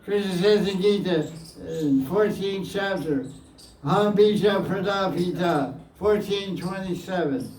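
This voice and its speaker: A man with a high voice teaches slowly, repeating his phrases and chuckling as he answers devotees' questions. He sounds set back from the mic in an echoey room with a faint hiss behind him. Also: darkish tone, distant mic. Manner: plain-spoken, repeats phrases, chuckles often. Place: indoor gathering room.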